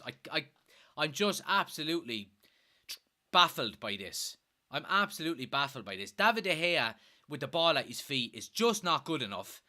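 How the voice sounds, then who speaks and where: An Irish man with a Kilkenny accent hosts a live football watchalong, his voice bright and forward. He reads out viewer comments and vents in fed-up, swearing bursts at his team. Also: a little high. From Ireland. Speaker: fan watchalong host.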